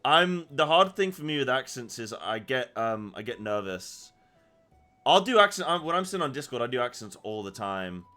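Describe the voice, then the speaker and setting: A man's voice: medium pitch, big pitch swings, moderate pace, pushed and bright, faint music behind. A man streaming a game, chatting casually in a joking, self-deprecating way.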